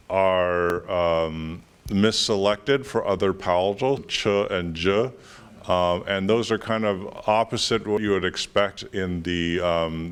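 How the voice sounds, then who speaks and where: A man with a very low voice answers audience questions after an academic talk. He thinks aloud as he goes, pausing often and restarting his sentences while he works through the point. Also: fairly bright tone, clean tone.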